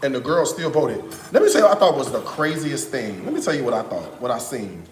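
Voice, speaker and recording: Speaking briskly in a mid-range voice, a man addresses his viewers directly while cooking live in his home kitchen, spinning stories in a lively, casual way. The room is echoey, with slight background noise.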